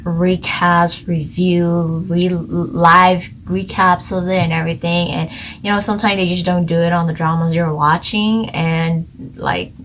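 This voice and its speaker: A woman with a fairly low voice talks casually to her viewers as a drama review vlogger. She rambles, restarts and leans on fillers, giggling now and then. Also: steady tone, unhurried, fairly bright tone, slight background noise, low-quality recording. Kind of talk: casual chat.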